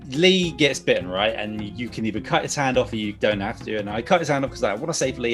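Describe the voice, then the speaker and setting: A man's voice: medium pitch, fairly bright tone. Rambling man chatting. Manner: rambling, emotional, laughs often. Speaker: panelist. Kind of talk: casual chat.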